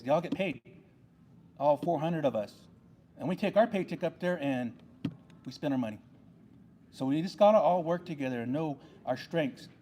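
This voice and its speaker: A man's voice: on the high side, warm tone, slight background noise. A man serving on a tribal council, giving an earnest ceremony speech with a repetitive, rallying delivery.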